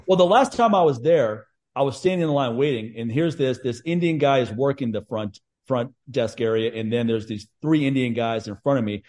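A man hosting a casual chat, telling stories in a blunt, profane, animated way. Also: mid-range voice, fairly quick, hardly any pauses. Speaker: podcast host.

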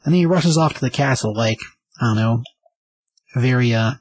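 Husky man rambling through a comic recap. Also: medium pitch, moderate pace, dry recording, low-quality recording. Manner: rambling, enthusiastic summary with fillers. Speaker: comic book reviewer. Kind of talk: casual review chat.

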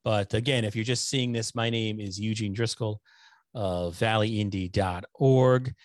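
Hoarse middle-aged man rambling on a livestream. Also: on the low side, steady tone, unhurried, dry recording, clean studio sound. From Connecticut. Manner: rambling, self-deprecating, joking. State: hoarse, losing his voice. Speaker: host of a nonprofit news livestream. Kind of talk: casual livestream chat. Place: home room lit with LED lights. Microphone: desktop microphone.

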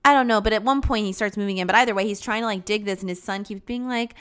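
A woman's voice: fast talker, few pauses, a bit bright, clean tone. Rambling young woman recapping a film. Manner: rambling, heavy use of "like", acts out lines in high voices. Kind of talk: casual chat recapping a film.

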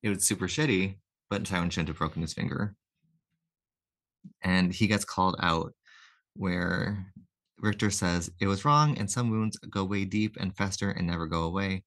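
A man co-hosting a podcast, casually recapping comic issues and slipping into quick quoted lines with chuckles. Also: low voice, fairly even intonation, a bit bright. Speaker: podcast co-host.

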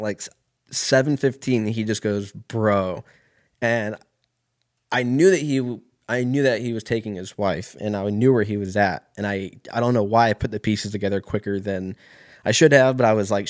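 A man's voice: on the low side, fairly quick, no room sound, studio quality. A young man telling a rambling, profane story in a casual monologue, full of fillers and restarts.

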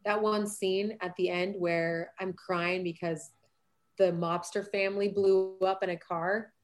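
A woman's voice: medium pitch, a little slow. A woman in her thirties, an actress guest chatting in an interview and telling stories with plenty of laughter. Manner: animated storyteller, laughs often. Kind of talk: casual interview chat.

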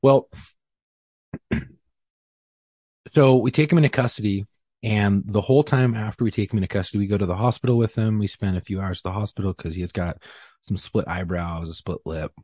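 A man with a husky, somewhat low voice tells a police story in loose podcast chat. He swears a lot and acts out the quotes. The sound is dry and close. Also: fairly quick, long pauses, no room sound. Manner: profane, animated, acts out quotes. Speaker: police officer telling a story.

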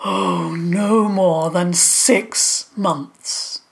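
A woman voicing a wise, kind and modest male forest monster who speaks gently and hesitantly. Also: medium pitch, takes it slowly, natural voice. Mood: gentle.

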